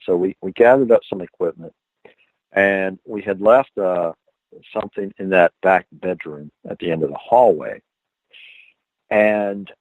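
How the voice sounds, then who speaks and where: Animated storyteller man on a phone line. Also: dry recording. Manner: animated, acts out quoted dialogue with pitch jumps. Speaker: paranormal researcher guest. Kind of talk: storytelling on a radio talk show. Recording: tinny phone line, dry.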